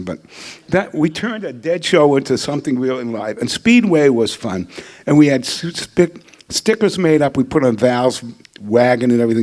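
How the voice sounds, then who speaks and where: A man's voice: mid-range voice, lively intonation, moderate pace, darkish tone. An older man giving a hall of fame acceptance speech at a podium microphone, telling joking stories and anecdotes. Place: ceremony hall.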